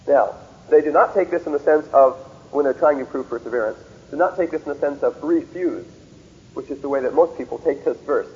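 A man teaches through scripture in a careful, methodical lecture, reading verses aloud with stress on key words. His voice sits fairly high for a man. The recording is dull and lo-fi, like an old taped talk. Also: fairly quick, a little mellow. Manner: asks rhetorical checks like "See?" and "Okay?". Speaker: lecturer on theology.

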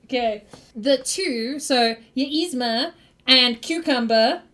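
A woman running a tabletop game, narrating the scene in a lively, giggly way. Her voice sits high and bright, and her delivery stays playful throughout. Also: slow. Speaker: game master.

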